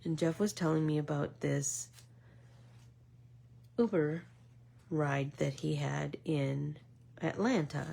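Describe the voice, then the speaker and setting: Woman, middle-aged, art vlogger, casual chat, gravelly, husky, rambling with fillers. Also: low voice, slow, long pauses. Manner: rambling storytelling with many fillers, drops to soft whispers.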